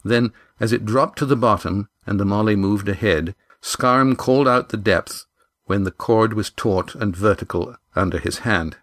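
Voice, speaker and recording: A man reading an adventure novel aloud in a measured, even storytelling manner on a close studio mic. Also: on the low side, dry recording. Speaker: audiobook narrator. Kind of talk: scripted narration of an adventure novel.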